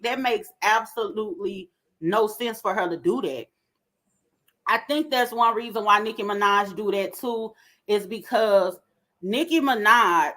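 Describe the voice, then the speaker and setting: A woman giving an animated, opinionated commentary rant with lots of slang. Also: on the high side. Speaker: commentary vlogger.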